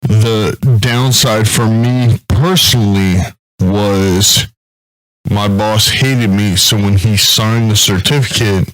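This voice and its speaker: A man talks as a podcast guest in a fairly low voice, recorded close and dry with no room sound. He lays things out plainly, one step at a time. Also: steady tone, takes it slowly, a bit bright, no echo, low-quality recording. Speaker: guest, Air Force veteran. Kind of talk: casual podcast chat.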